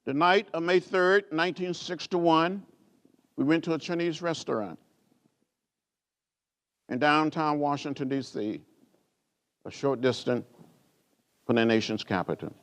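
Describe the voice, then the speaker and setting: An older man speaks in a slightly raised register. He tells his story as a measured, rhythmic speech that builds with repeated phrases, in the cadence of a preacher. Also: a little high, fairly bright tone. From rural Alabama. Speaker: guest speaker at a library author event.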